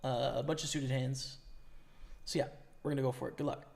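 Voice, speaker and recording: A man's voice: mid-range voice, flat delivery, brisk, creaky, a little mellow. A young man chatting casually with his stream chat and thinking aloud about poker hands, his voice worn from talking. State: losing his voice. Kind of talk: live-stream commentary.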